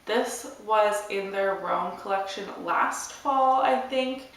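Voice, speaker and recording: A young woman chatting to camera about her monthly favourites, hoarse and losing her voice, rambling in a relaxed way. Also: mid-range voice, takes it slowly. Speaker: beauty vlogger. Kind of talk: casual chat to camera. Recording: echoey room, mic at a distance.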